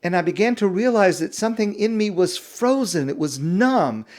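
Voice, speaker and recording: A man's voice: high-pitched, lively intonation, moderate pace, a little mellow, voice pushed up. A man voicing an earnest, heartfelt sixteen-year-old boy within a story he is telling, speaking with rising emphasis.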